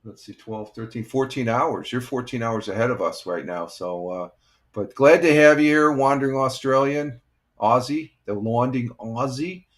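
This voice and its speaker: A man's voice: medium pitch, normal speed. Rambling retired man in his sixties. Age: 60s. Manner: rambling, easygoing, many fillers and restarts. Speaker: live-stream host, retired firefighter. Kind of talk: casual morning chat with viewers.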